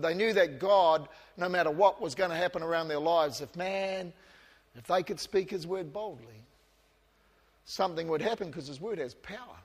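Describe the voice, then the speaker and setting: Man, pastor, high voice, passionate sermon, soft asides and loud outbursts, long church reverb. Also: lively intonation, moderate pace, breathy edge. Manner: self-deprecating humour with the congregation.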